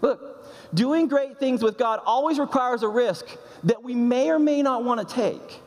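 A man's voice: very high-pitched, lively intonation, a little slow. Emphatic male pastor in a reverberant hall. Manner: emphatic, repeats key phrases. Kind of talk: sermon.

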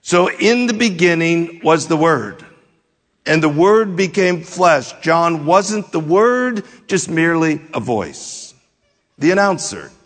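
A man delivers a sermon at an unhurried, measured pace, walking through scripture verse by verse. His voice sits a little high, and he sinks low and quiet at the close of phrases. The sound rings with the long reverb of a large hall. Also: sing-song. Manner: slow, deliberate verse-by-verse teaching, dropping low at phrase ends. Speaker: pastor. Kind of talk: expository sermon.

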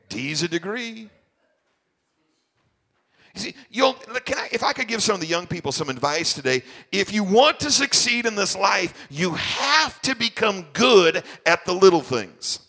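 A male pastor delivers a sermon in a high, bright voice. He sounds worn out and preaches with stop-and-start emphasis, doubling back on his own words as he builds his point. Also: vocal fry. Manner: emphatic, repeats and restarts phrases. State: tired. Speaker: senior pastor.

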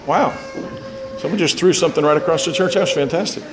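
A man's voice: fairly high pitch, racing. A man preaching a sermon as pastor in a church, building to fervent, emphatic delivery. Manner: rising to impassioned emphatic preaching.

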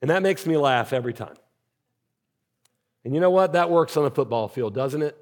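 A man's voice: on the high side, animated, moderate pace. A man preaching as a senior pastor in a church auditorium, talking conversationally and tossing rhetorical questions to the congregation. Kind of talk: sermon. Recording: long hall reverb.

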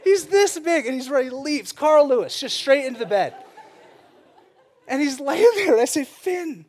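This young preacher talks in a fairly high voice. He is animated and playful, and he keeps breaking into laughter as he tells stories from the pulpit. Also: normal speed, slight background noise. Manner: animated, joking, laughs often. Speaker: pastor. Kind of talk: sermon.

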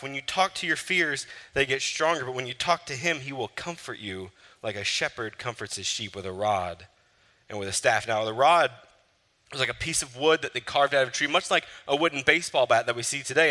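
Bright-voiced male preacher in a hall. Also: a little fast. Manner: preaching with rising emphasis and repetition, dropping low and soft for scripture. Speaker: pastor. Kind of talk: sermon.

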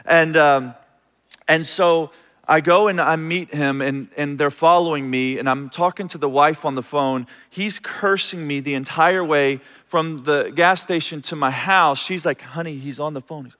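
A man's voice: a little high, fairly bright tone. A man preaching a sermon, telling a personal story and acting out the voices in it with restarts. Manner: storytelling, acts out quoted voices, self-interrupting restarts. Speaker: pastor. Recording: long reverb of a large hall.

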